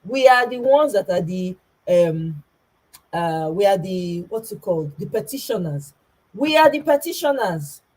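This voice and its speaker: A woman's voice: on the low side, a little slow, darkish tone, poor audio. A Nigerian woman giving an impassioned political commentary, stressing her points by repeating them. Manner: emphatic, repeats herself for stress.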